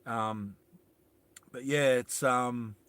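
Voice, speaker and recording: A man's voice: medium pitch, fairly even intonation, very slow, fairly bright tone, slight background noise. A man hosting a live stream, chatting casually with viewers and reading their comments in a rambling, self-deprecating way. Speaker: livestream host.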